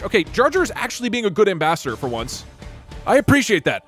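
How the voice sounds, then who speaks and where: A man's voice: high-pitched, sing-song, fast, fairly bright tone, faint music behind. A man live-streaming, chatting casually with his viewers in a sarcastic, exasperated way. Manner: sarcastic, exasperated banter with chat.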